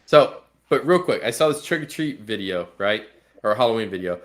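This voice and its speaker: A man's voice: on the low side, lively intonation, normal speed. A man co-hosting a podcast, telling stories in laughing, profane casual chat. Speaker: podcast co-host.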